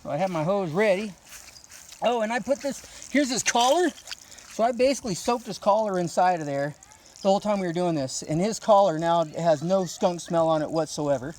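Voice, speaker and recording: A man's voice: high voice, expressive, brisk, noisy background. A man casually explaining how to wash his dog, joking and rambling to viewers, recorded on a phone outdoors at night over running water. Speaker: dog owner demonstrating. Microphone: phone camera held by another person.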